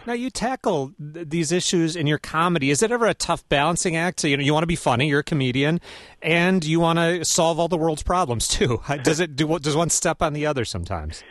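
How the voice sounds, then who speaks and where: A man's voice: a little high, lively intonation, brisk, a bit bright, no room sound, studio quality. A man hosting a radio interview in a conversational way, asking his guest open questions.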